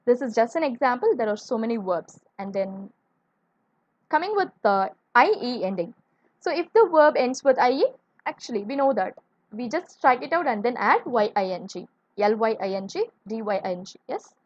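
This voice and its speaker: A woman's voice: a little high, sing-song, normal speed, dry recording, highs cut off. A woman teaching an online English grammar lesson, spelling words out letter by letter and asking viewers to answer.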